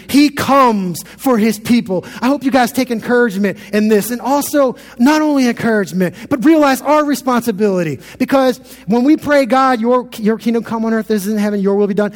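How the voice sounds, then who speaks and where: A man's voice: high-pitched, darkish tone, big-room sound. A man in his thirties preaching a sermon as pastor, earnest and often repeating words as he builds a point.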